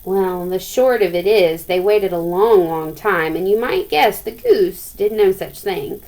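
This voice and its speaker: A woman's voice: mid-range voice, lively intonation, a little slow, a little mellow, rough recording. Woman teacher, story read-aloud, chatty asides to students. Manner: chatty, asks the listeners questions.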